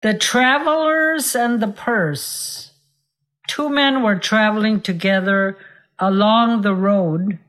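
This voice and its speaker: A woman teaching vocabulary and telling a short fable, repeating words slowly for learners and raising her voice for the characters. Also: fairly bright tone. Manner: voices characters with raised pitch. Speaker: language teacher. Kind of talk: storytelling and vocabulary lesson.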